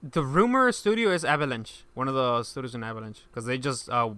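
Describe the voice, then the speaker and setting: A man co-hosting a casual gaming podcast, chiming in with quick agreements and rumors. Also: medium pitch, sharp tone, clear, resonant tone, no room sound. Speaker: podcast co-host.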